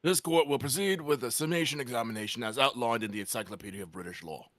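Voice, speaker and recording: A man voicing a pompous British judge in a video game, making loud formal pronouncements. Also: medium pitch, quick pace, dry recording, studio quality, close to an everyday voice.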